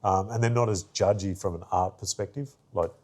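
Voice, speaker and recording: Husky, low-voiced man. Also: steady tone, a little fast, darkish tone. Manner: rambling, many fillers, acts out quoted voices. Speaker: artist and arts worker, guest. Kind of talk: casual interview storytelling.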